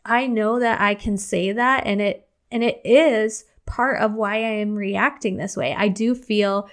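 A woman's voice: fairly even intonation, a little slow. Young female podcast host, candid, conversational, talks straight to the listener. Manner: candid, chatty, acts out her own outbursts in a higher voice. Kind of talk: casual solo podcast talk.

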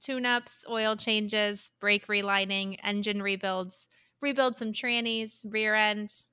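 A woman's voice: mid-range voice, fairly even intonation, slow, sharp tone, smooth. A woman putting on a New Jersey accent to play a brash car mechanic reeling off car jargon. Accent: New Jersey, put on. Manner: clipped, listing car jargon.

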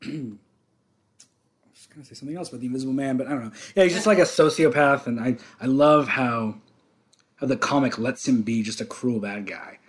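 A man's voice: mid-range voice, normal speed. A man co-hosting a podcast, talking casually and enthusiastically about a film, laughing often and swearing freely. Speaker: podcast co-host.

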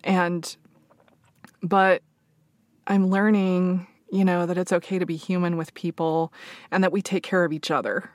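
A woman telling a personal story in an open, reflective way, filling pauses with soft fillers and close to tears. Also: fairly low pitch, flat delivery, no room sound. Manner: open and reflective, many fillers, laughs softly. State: emotional, near tears.

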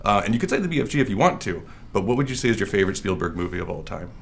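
A man's voice: lowish voice, sing-song, very fast, creaky, slight background noise. A man from the United States interviewing actors in a casual press junket style, chatty, laughing often and swearing freely. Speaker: entertainment interviewer.

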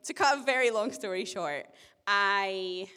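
A young woman giving a sermon to her church, telling a personal story in a chatty, self-deprecating way with gentle humor. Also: mid-range voice, unhurried, smooth. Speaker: church speaker. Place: church hall. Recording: long church-hall reverb.

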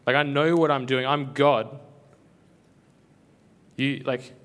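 A man's voice: medium pitch, steady tone, takes it slowly, a bit bright. A man voicing God as a stern male deity who scolds a man in a casual, exasperated way. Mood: exasperated scolding.

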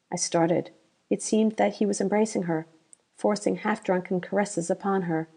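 Mellow woman reading an audiobook. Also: medium pitch, fairly even intonation, moderate pace, vocal fry, slightly rough. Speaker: audiobook narrator. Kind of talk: audiobook narration.

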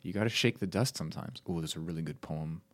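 A man with a very low voice talks loosely on a podcast, swearing and joking at his own expense. The sound is close and dry, with no room around it. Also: fast talker, a bit bright, no echo. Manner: loose, swearing, self-mocking. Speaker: podcast co-host. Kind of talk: casual podcast chat.

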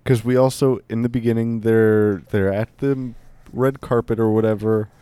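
A man's voice: on the low side, steady tone, moderate pace, dark tone, clear, resonant tone, dry recording. A man casually chatting on a podcast, rambling with lots of fillers. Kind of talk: casual chat.

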